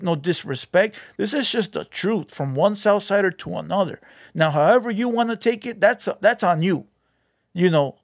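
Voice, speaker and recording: A man's voice: sits high, dry recording, clean studio sound. Blunt scolding man. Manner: scolding, preachy, mixes Spanish slang. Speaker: reaction video host. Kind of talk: blunt street advice monologue.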